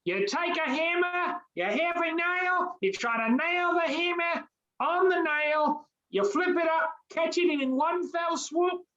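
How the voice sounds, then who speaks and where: A woman's voice: very high voice, a bit bright, lo-fi sound, full character voice. A woman voicing a cheerful, obliging male creature, with a put-on British accent that slips toward Australian, in an improv comedy scene. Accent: put-on British, drifting to Australian. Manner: chatty, drops casual fillers, playful.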